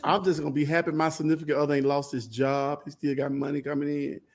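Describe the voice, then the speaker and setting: A man's voice: on the high side, flat delivery, quick pace, darkish tone. A man co-hosting a casual podcast chat, dry and matter-of-fact with some profanity. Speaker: podcast co-host.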